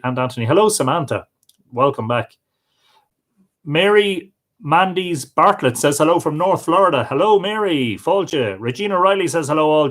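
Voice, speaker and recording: Chatting casually on his livestream, a man with an Irish accent reads out viewers' comments and says hello to each by name. He has a mid-range, slightly bright voice.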